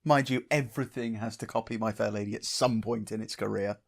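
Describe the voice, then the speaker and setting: A man's voice: on the low side, fairly even intonation, brisk, gravelly. A man reacting to a cartoon episode as a video host, making sarcastic asides and often stammering and restarting his sentences. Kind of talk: casual commentary on a cartoon episode. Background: faint cartoon episode audio.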